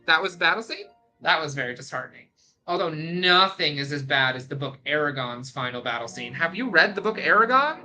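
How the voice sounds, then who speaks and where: Young adult streamer, casual rambling chat, bright tone, faint game music behind. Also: mid-range voice, a little fast, rough recording. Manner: rambling, animated ranting. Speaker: gaming streamer.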